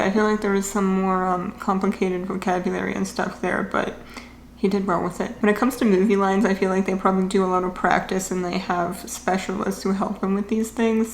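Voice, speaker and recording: A woman's voice: medium pitch, gravelly. Chatty young woman in an echoey room. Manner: chatty, thinking aloud with fillers. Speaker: reaction video host. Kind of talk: casual commentary on clips. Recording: echoey room with faint hum.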